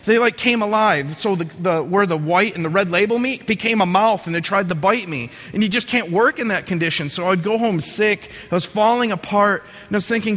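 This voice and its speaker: A man's voice: high voice, a little fast, few pauses, long reverb tail. A young man telling a personal testimony in an earnest, vivid storytelling way. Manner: earnest, vivid storytelling with lively quoted inner thoughts. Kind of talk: personal testimony, told to an audience.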